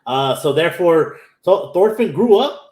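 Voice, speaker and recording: A Texan man hosts an anime podcast, his voice slightly high, expressive and a bit dark, moving at a measured pace. In an echoey room he casually rambles through an episode recap, acting out the characters' lines.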